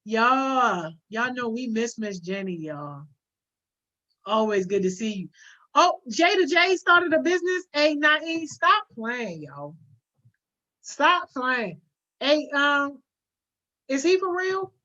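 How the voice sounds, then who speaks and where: A woman's voice: fairly high pitch, big pitch swings, takes it slowly, bright, forceful tone. A woman hosting a casual livestream, reading viewer comments aloud, using lots of slang and often laughing. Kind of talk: casual live chat. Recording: dull lo-fi audio.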